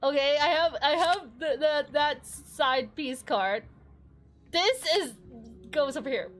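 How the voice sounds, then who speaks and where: A woman's voice: high-pitched, takes it slowly. A woman streamer giving live gameplay commentary, talking to herself, swearing often and laughing between lines.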